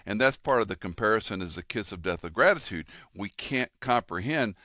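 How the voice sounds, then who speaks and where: A man in his sixties with a very low voice hosts a relaxed conversation. He tells stories with energy and acts out the quoted lines. The sound is dry and close. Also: fairly quick, no echo. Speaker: podcast host and pastor. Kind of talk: casual conversation.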